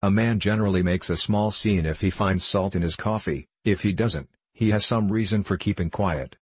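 A man's voice: sits low, moderate pace, husky, dry recording. A man voicing a mild, vague little country priest who speaks simply and apologetically in an audiobook reading. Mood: calmly explaining.

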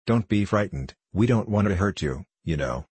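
A man voicing a kind, brave young girl who speaks gently and coaxingly in a storybook reading. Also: sits low, animated, normal speed, slightly rough, no room sound. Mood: gentle.

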